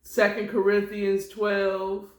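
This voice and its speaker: Slow-talking woman in an echoey room. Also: mid-range voice, monotone, darkish tone. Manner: rambling, chatty, sprinkled with prayerful asides. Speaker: podcast host. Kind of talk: casual solo morning chat.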